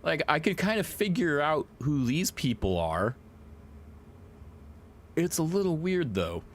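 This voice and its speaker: A man streaming live, chatting casually in an excitable, rambling way and swearing a lot. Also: on the high side, measured pace.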